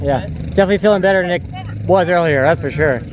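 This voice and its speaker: A fairly high-voiced man chats up crews at the course in a friendly, upbeat way. Outdoor noise is plainly heard around him. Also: fast talker. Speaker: roving interviewer. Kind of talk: casual interview.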